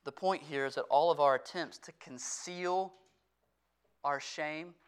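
In a church, a male pastor with a smooth, resonant, slightly high voice preaches at a measured pace. He hits key points hard and loud, then drops to a quiet, intimate appeal to his congregation, his earnest sermon swinging between force and hush.

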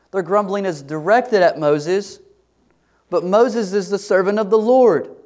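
Male pastor, sermon delivery, earnest and emphatic, a touch high-pitched. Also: animated, measured pace, a little mellow. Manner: earnest, rising to emphatic questions.

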